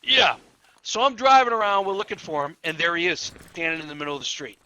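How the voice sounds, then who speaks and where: A man's voice: high-pitched, quick pace, slight background noise, poor audio. A police officer telling stories in casual chat, swearing freely, laughing mid-story and acting out the people he quotes. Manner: animated, acts out quotes. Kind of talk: casual storytelling while gaming.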